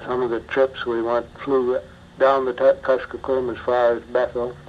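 An older man, a former pilot, slowly telling his memories in an interview, with many pauses and fillers. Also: mid-range voice, little pitch movement. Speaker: retired bush pilot. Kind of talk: oral history interview. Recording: muffled archival tape with faint hiss.

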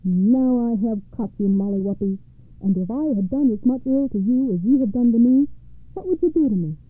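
A woman reading the part of a big, angry male giant in a fairy tale, booming and threatening. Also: expressive, moderate pace, no echo. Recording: tinny phone-like audio.

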